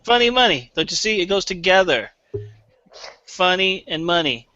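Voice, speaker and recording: A man's voice: sits high, very animated, normal speed, bright, forceful tone, no room sound. A man on a comedy panel game, giving a mock-serious, argumentative improvised answer. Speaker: panel contestant. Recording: muffled lo-fi recording.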